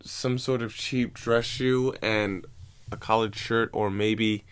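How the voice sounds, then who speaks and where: A man's voice: lowish voice, fairly even intonation, slow, slight background noise. A young man hosting a casual recorded chat, rambling and teasing with jokes. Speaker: podcast host.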